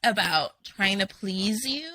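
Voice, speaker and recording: A woman hosting a podcast in casual chat, loud and profane, laughing a lot. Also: mid-range voice, lively intonation, slow pace, crowd noise. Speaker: podcast host.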